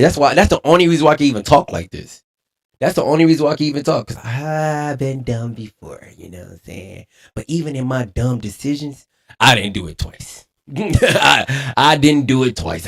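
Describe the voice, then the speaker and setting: Man, streamer, animated preachy rant, laughing. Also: mid-range voice. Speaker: streamer reacting to a clip. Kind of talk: casual reaction commentary.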